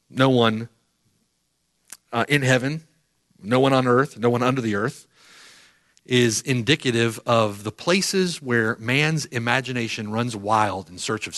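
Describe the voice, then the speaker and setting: A man's voice: medium pitch, fairly bright tone. A middle-aged man preaching a sermon emphatically, repeating phrases for weight. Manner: emphatic, repeats phrases, rises and falls sharply.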